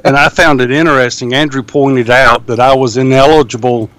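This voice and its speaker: A man's voice: mid-range voice, fairly even intonation, brisk, fairly bright tone, no room sound. Southern-accented man co-hosting talk radio. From American South. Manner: easygoing, chuckling storyteller. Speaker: radio show co-host. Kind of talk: casual chat.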